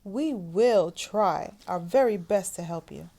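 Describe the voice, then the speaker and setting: A calculating woman hospital chief, put on by a male storyteller, speaking in a mellow, syrupy tone that thinly covers her icy calm. Her false sympathy hides a snake-like patience, all in a storybook reading. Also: high-pitched, slow pace, creaky, pitched above the performer's own voice, full character voice.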